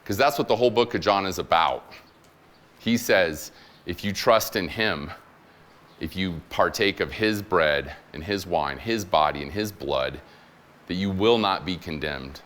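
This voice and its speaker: Very deep-voiced man preaching a sermon. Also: unhurried, a bit bright. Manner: conversational and humorous, acting out voices in stories. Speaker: guest preacher, military chaplain. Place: church room with congregation.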